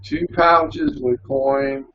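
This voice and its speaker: A man playing a tabletop game, hesitant and halting. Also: mid-range voice, huge pitch swings, vocal fry, lo-fi sound, a little hiss or hum. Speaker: player. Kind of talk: casual game talk.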